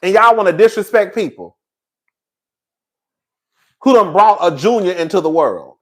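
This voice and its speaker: A man's voice: sits high, animated, moderate pace, fairly bright tone. Sassy, hollering man ranting on a livestream. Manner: sassy, profane, hollering rants. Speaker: YouTube commentator. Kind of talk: livestream gossip commentary.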